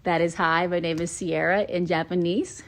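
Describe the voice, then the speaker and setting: A woman's voice: fairly low pitch, flat delivery, normal speed, slight background noise. A woman from Atlanta, Georgia, chatting casually on a phone livestream and answering fans' questions with lots of ums. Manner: chatty, many ums, playful accent switching. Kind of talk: casual chat.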